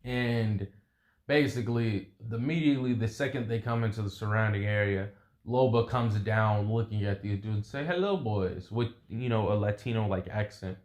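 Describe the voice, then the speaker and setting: A man's voice: on the low side, steady tone, normal speed, darkish tone, roomy sound. A young man casually improvising a story, rambling and making vocal sound effects.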